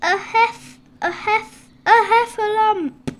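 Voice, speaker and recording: Piglet, a woman doing a squeaky panicky little pig. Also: fairly even intonation, slow pace. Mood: panicked. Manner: panicky, breathless, stammering. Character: small timid young male piglet, easily frightened. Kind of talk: storybook reading.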